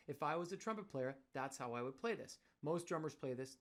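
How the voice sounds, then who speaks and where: A man's voice: on the high side, expressive, a little fast, hardly any pauses, fairly bright tone. A man teaching a drum clinic in a studio, wearing a mic and scatting rhythms with syllables as he explains. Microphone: wearing a microphone.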